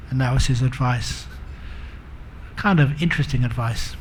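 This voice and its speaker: A man's voice: medium pitch, normal speed, pauses often, a little hiss or hum. A man giving a humorous Buddhist dharma talk as a monk teacher, telling stories and acting out the characters. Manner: humorous, self-mocking.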